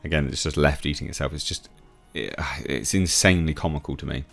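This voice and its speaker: A man with a very low voice runs a scoffing commentary vlog, breaking off often with filler sounds. Soft music plays faintly underneath. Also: fairly quick, vocal fry. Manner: mocking, scoffing, frequent uh fillers. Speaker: YouTube commentator.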